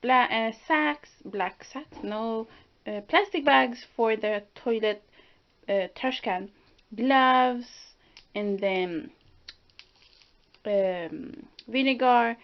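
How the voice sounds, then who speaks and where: A woman in her twenties gives a laid-back home tour on video, speaking slowly in a slightly high voice and pausing to search for words. The sound is dull and lo-fi, as from a home camera. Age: 20s. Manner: laughing, easygoing, slow and searching for words. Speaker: daughter co-hosting vlog. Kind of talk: casual home tour vlog. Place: home room.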